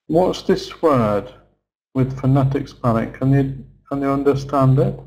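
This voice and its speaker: A man's voice: mid-range voice, measured pace, gravelly, darkish tone, low-quality recording. A middle-aged man teaching English pronunciation in an online lesson, patiently stretching words out to model their sounds.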